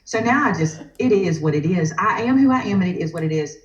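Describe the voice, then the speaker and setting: Chatty Southern woman, lively pitch. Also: fast talker, reverberant, dull audio. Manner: chatty, animated storyteller. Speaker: guest crafter. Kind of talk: casual chat on a live crafting stream.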